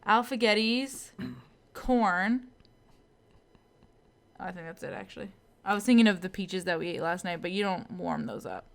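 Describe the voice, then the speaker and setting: A woman's voice: medium pitch, measured pace, vocal fry, pauses often. A woman co-hosting a podcast with her partner, chatting casually and teasing him. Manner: teasing, talkative. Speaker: podcast co-host. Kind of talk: casual chat.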